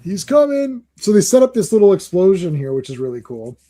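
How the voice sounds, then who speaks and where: Excitable, rambling podcast host. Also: male voice, high-pitched, brisk. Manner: excitable, laughs often, rambling restarts. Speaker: comic book podcast host. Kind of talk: casual chat.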